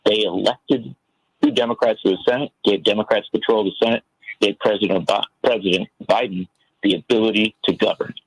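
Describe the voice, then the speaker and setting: A man's voice: lowish voice, steady tone, a little fast, slightly rough, no echo, poor audio. A man giving earnest, impassioned political commentary as a guest on a talk radio show, telling a story to make his point. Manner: earnest, impassioned, tells stories.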